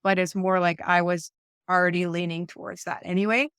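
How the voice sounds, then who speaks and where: A woman's voice: fairly low pitch, little pitch movement, fairly quick, fairly bright tone, smooth, dry recording, clean studio sound. A woman in her forties co-hosting a conversational faith podcast, talking things through with lots of asides and restarts. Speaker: podcast co-host. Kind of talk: casual conversational podcast chat.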